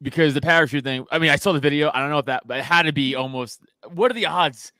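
A man's voice: a little high, fast, pushed and bright, no room sound, clean studio sound. A man co-hosting a podcast, talking in casual, crude banter with lots of laughs and restarts. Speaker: podcast co-host. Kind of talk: casual profane group chat.

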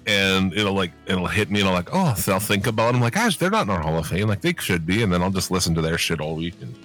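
A man's voice: low-pitched, big pitch swings, quick pace, fairly bright tone, soft background music. A man co-hosting a podcast in casual chat, rambling with many fillers and frequent swearing. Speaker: podcast co-host.

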